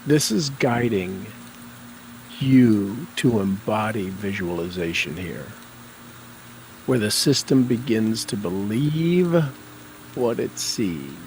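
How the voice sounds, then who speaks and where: A man leading a guided tapping session, calling out tapping points and repeating affirmations with slow, deliberate coaching cues. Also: fairly low pitch, lively intonation, a little mellow, slight background noise, poor audio.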